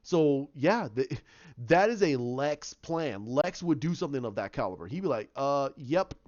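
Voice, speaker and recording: A man reviewing a TV episode in a casual vlog, excitable and ranting, repeating himself as he makes his points. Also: on the high side, moderate pace. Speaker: TV show reviewer. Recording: dull lo-fi sound.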